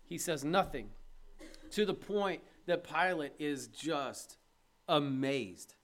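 A man's voice: fairly high pitch, lively intonation, slow pace. A man preaching an emphatic sermon, reading scripture aloud and putting rhetorical questions to his listeners.

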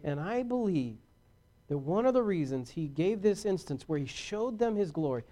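A man preaching a sermon to his congregation, swinging between loud exhortation and hushed, earnest talk, and calling out for amens. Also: high voice, very animated, normal speed. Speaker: pastor.

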